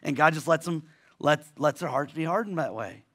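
A pastor preaching a sermon in a conversational way, restarting phrases often and asking rhetorical questions. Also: male voice, on the high side, animated, normal speed, fairly bright tone.

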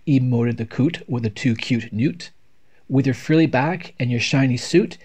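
A man reading nature poems aloud in a rhythmic, expressive way. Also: medium pitch, moderate pace, breathy edge. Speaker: reader. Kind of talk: poetry read aloud.

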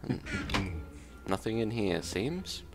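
A man's voice: lowish voice, sing-song, slow pace, creaky, over music. A man hosting a gaming video in character as a pompous detective, with a put-on English accent and a jokey manner. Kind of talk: in-character let's play commentary.

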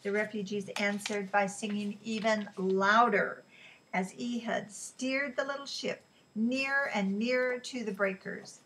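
A woman narrating an audiobook in a steady, even storytelling voice. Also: medium pitch, measured pace, slight background noise, rough recording. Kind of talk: scripted narration.

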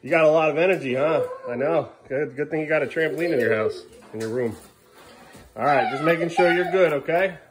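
A father filming at home, chatting playfully with his young sons in a sing-song voice. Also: fairly quick. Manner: playful, sing-song baby talk to the kids, often jumping up high. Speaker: father and vlogger. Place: family home, kids' bedroom. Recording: noisy home video.

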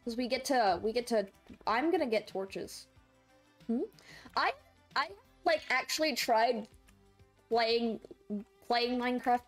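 Slow and full of long pauses, this young woman's slightly high voice plays over faint background music. She's streaming gameplay live, chatting playfully, laughing often, and squealing as chat trolls her.

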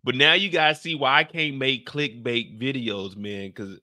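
A man gives casual, slangy commentary on a TV show, loose and full of laughter. His voice is bright and forward, at an everyday middle pitch, and he often trails off into sighs. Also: fairly even intonation, measured pace. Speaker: YouTuber breaking down a TV show.

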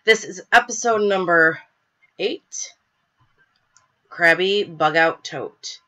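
A woman's voice: on the low side, slow, sharp tone, highs cut off. A young woman hosting a live show, talking casually with lots of fillers, stuffy from a cold. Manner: chatty, filler-heavy, apologetic. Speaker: podcast host. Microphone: webcam.

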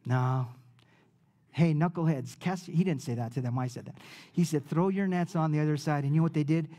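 A male pastor preaching a sermon in a relaxed, conversational way, leaning on slang. His voice sits a little high yet sounds warm and mellow, and he swings from loud to near-whispered passages as he tells the story. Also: fast talker. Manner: casual, uses slang like dude and man.

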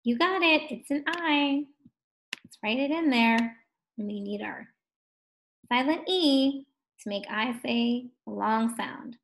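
A woman teaching a first grade phonics lesson for distance learning, sounding out words slowly and encouraging young children. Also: sits high, slight background noise. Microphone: distance-learning video recording.

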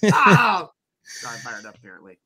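A man's voice: a little high, animated, a little fast, pushed and bright. A man co-hosting a podcast, protesting in mock indignation and joking back at the others. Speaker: podcast co-host. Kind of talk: casual chat.

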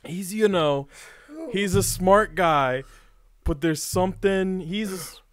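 A man chatting as a podcast co-host, telling a story excitedly, laughing and swearing often. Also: high voice, slow. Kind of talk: casual chat.

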